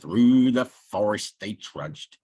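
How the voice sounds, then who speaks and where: A reader telling a picture book aloud in a slow, expressive way, voicing sound effects along the way. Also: mid-range voice, husky, no echo. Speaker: storybook reader. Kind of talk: storybook read-aloud.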